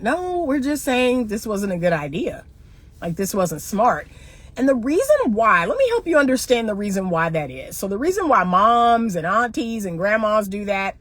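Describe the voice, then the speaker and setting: A middle-aged woman speaks straight to her viewers as a relationship coach, in a blunt monologue. She lectures emphatically and drives her points home by asking the same pointed question again and again. Her voice sits at an ordinary pitch for a woman. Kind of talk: opinionated monologue to camera.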